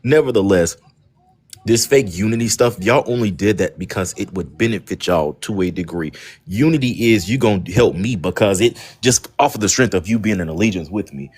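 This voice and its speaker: A man's voice: on the low side, expressive, fairly quick, a little mellow, husky. A man from North Carolina, arguing bluntly and mockingly as a guest on a live online panel debate. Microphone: online call, at work.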